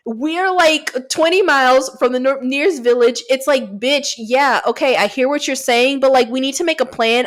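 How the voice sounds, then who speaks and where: A woman co-hosting a podcast, recapping a movie in casual chat, cursing freely and jumping into quick asides. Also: sits high. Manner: profane, animated retelling with quick asides. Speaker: podcast co-host.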